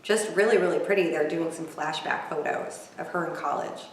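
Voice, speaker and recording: A woman's voice: low-pitched, brisk, a little hiss or hum. Snarky woman recapping in an echoey room. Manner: snarky, gossipy, chatty. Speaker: reality TV recapper. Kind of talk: casual live recap commentary. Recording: echoey room, distant from mic.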